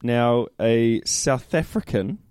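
A man's voice: medium pitch, expressive, slow pace, a little mellow, smooth, dry recording, clean studio sound. A middle-aged man co-hosting a casual sports chat, laid-back and matey, often tossing questions back. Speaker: podcast co-host.

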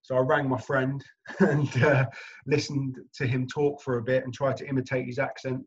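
A man's voice: medium pitch, moderate pace, husky, muffled recording. A young man, an actor guest, chatting casually in an interview and telling anecdotes with frequent laughs. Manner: animated anecdotal storyteller, laughing often.

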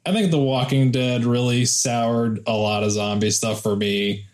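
A man's voice: medium pitch, steady tone, a little slow, a little mellow. A man giving a hesitant, noncommittal opinion in a casual film podcast chat.

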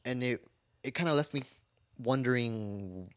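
A man co-hosting a casual podcast, laid-back and profane, slowing down when he explains things. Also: mid-range voice, dry recording, studio quality. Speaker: podcast co-host.

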